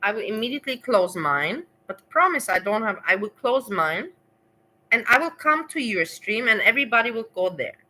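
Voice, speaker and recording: Chatty livestreaming woman, bright voice. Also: a little high, sing-song, moderate pace, low-quality recording. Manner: rambling, laughs often, talks back to chat. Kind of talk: casual livestream chat to viewers.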